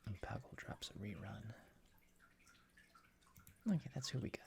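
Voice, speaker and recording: Soft-spoken gravelly man, whispering. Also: on the low side, lively intonation, measured pace, slight background noise. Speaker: streamer. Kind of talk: ASMR chat.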